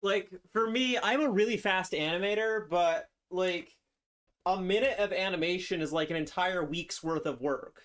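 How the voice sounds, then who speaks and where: A man's voice: high-pitched, moderate pace, a bit bright. A man from Canada chatting casually on a live stream, rambling and joking about himself. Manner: rambling, self-deprecating and joking. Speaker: livestreamer.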